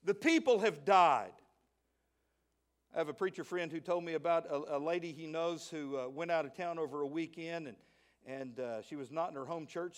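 High-voiced Southern preacher, shouting praise. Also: male voice. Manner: swings from quiet asides to shouted joyful praise. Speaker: pastor. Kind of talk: sermon.

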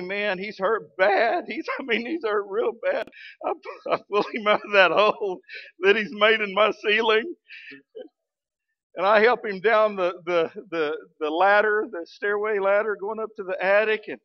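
High-voiced folksy pastor. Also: male voice, normal speed, dry recording, lo-fi sound. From Arkansas, US. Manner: folksy, animated storytelling with acted shouts. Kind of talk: storytelling sermon. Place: church sanctuary.

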